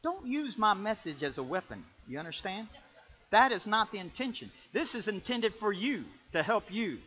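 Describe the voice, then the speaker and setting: Bright, animated man preaching a sermon. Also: sits high, lo-fi sound. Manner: folksy, animated storytelling with sudden loud peaks. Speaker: pastor.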